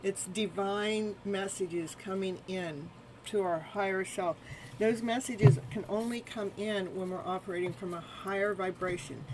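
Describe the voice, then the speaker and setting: Woman, tarot reader, live stream, soothing repetitive phrasing, mid-pitched voice, audible background hiss. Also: steady tone, a little slow. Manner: laughs often and chats with viewers.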